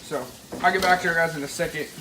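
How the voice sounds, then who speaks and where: Talking fast with fairly even intonation, this fishing vlogger has a fairly high voice. He rambles casually to viewers in a cooking vlog shot in his parents' kitchen, and faint household noise carries in the background.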